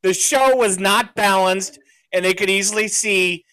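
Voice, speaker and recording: A man's voice: high-pitched, unhurried, a crowd in the background. A man hosting a podcast in casual chat, rambling through stories and laughing often. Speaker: podcast host.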